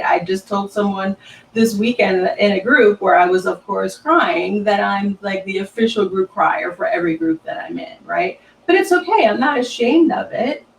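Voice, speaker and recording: Warm-hearted woman coach giving a live pep talk, gravelly voice, roomy mic sound. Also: mid-range voice, recorded from a distance, a little hiss or hum. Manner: emphatic, keeps asking "right?". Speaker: host.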